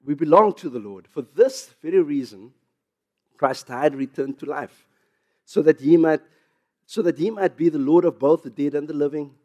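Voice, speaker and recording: Casting: South African male pastor, lively sermon delivery, slightly higher voice. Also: moderate pace. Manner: animated preaching, rising loud on emphasis, with chuckles and asides.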